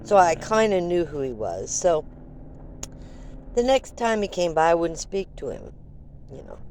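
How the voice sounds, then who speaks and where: A woman's voice: low voice, dark tone, a little hiss or hum. An older woman vlogger telling a rambling, chatty story full of fillers. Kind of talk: casual storytelling.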